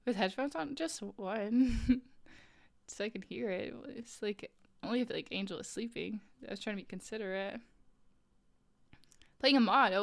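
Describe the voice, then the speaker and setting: A fairly high-voiced woman streams from home while she crochets, chatting casually with her viewers. She talks in an incredulous, gossipy way, laughs often and leans on filler words. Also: creaky.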